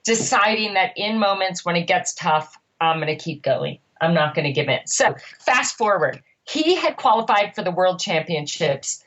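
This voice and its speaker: A middle-aged woman, a triathlon coach co-hosting a podcast, telling a story in an animated, emphatic way. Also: lowish voice, moderate pace, few pauses, low-quality recording.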